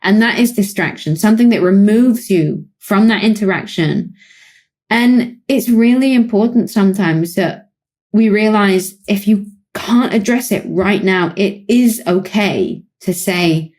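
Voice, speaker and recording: A British woman with a British accent, a psychologist co-hosting a podcast, explaining calmly in relaxed conversation with light laughs. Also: medium pitch, a little slow. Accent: British English. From Britain. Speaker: psychologist co-host.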